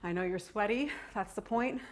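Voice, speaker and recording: A woman leads a workout in an encouraging coaching voice at a middle pitch. She pushes her listeners to keep moving and slips into casual stories between cues. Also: normal speed. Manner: chatty, tells personal stories mid-workout. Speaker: fitness instructor; mother. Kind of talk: workout coaching with motivational talk.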